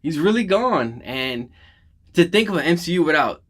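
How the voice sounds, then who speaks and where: A man's voice: a little high, very animated, normal speed. A man, maybe in his thirties, giving a casual, emotional movie reaction, rambling through his retelling with lots of fillers and restarts.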